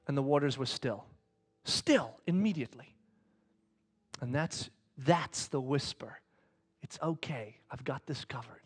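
A pastor preaches casually, telling a story that swings suddenly from loud excitement to hushed whispers. His husky voice is mid-range and a little slow.

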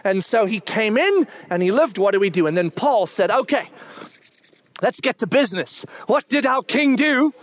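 A middle-aged male pastor preaching a sermon, animated and building to shouts as he gets excited. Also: high-pitched, moderate pace, no room sound.

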